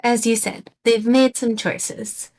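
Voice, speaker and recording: Soft-spoken young British woman, slow. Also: a little high, steady tone. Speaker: streamer. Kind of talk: casual stream chat, reading and answering chat.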